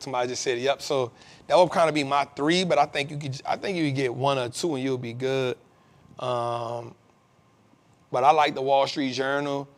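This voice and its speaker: A man hosting a live investing show, answering viewer questions in laid-back slang with many fillers. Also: mid-range voice. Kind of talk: casual live-stream Q&A.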